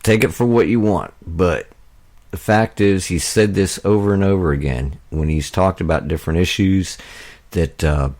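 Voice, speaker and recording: A man's voice: deep voice, normal speed, a little mellow. An American man hosting a political talk radio show, speaking in a rambling, indignant way with many fillers and restarts.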